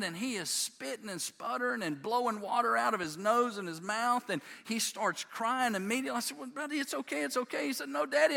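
A man's voice: sits high, vocal fry. A man, preaching a sermon through folksy family stories and acting out his sons' voices. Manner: folksy, animated, acts out voices of his sons. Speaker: pastor. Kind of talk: sermon storytelling.

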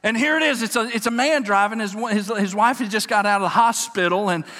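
A man preaching a sermon, animated and folksy, repeating words as he tells a story. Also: sits high, a little fast. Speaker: pastor. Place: church sanctuary. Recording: long hall reverb.

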